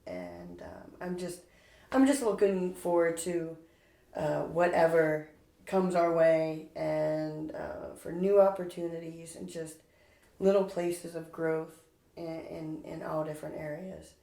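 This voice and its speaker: A woman with a fairly low voice hosts a podcast in relaxed, casual chat. She laughs often and trails off with fillers. Her voice carries a noticeable room echo. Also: slow, vocal fry. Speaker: podcast host. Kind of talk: casual conversation. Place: indoor room, recorded locally. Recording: roomy echo.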